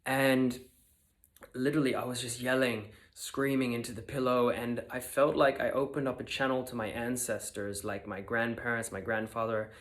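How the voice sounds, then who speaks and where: A man's voice: medium pitch, flat delivery, moderate pace, a bit bright. A young man telling a personal story in a casual, confessional way, with many fillers. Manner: earnest, confessional, many fillers like "you know" and "like". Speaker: vlogger.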